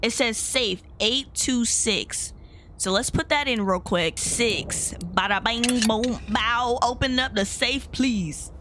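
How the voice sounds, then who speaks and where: A woman's voice: fairly high pitch, slow pace, noisy background. A woman hosting a gameplay video, chatting casually to her viewers and getting easily startled. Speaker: gaming video host.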